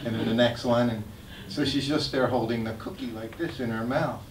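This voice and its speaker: An older man tells animated, laughing anecdotes in a plain mid-range voice. He is recorded from a distance in an echoey temple hall with faint background noise. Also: medium pitch, moderate pace. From United States. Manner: animated, laughs while telling stories. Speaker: guest speaker sharing memories. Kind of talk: anecdotal storytelling talk.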